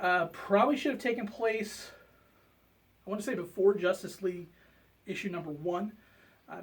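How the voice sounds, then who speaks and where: A man giving a casual comic book review, relaxed and full of fillers. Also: sits high, recorded from a distance. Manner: relaxed, hesitant with many fillers.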